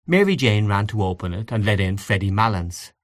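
Low-voiced man narrating classic fiction. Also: expressive, a little fast, no echo.

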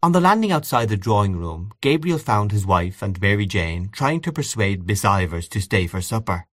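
Lowish guy reading an old novel aloud, expressive, dry recording. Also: moderate pace, dry recording. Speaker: narrator. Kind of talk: audiobook narration of classic fiction.

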